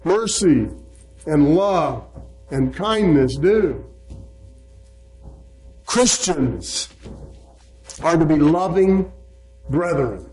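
A man preaching a sermon, speaking slowly and emphatically and citing scripture chapter and verse. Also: on the high side, animated, darkish tone, faint music behind, rough recording. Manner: slow, emphatic preaching, quoting scripture references.

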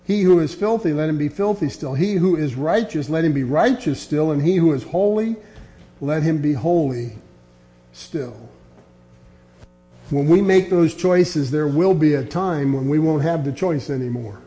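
Earnest and moderately paced, a man preaches a sermon in a mellow, warm tone that sits a little high for a man. He reads scripture aloud, letting his voice sink low and soft on his key points.

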